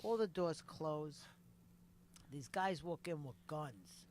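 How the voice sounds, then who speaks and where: A woman's voice: sits low, lively intonation, slow pace, a little mellow, a little hiss or hum, poor audio. A woman co-hosting a podcast, telling a story in casual chat, often trailing off with "whatever".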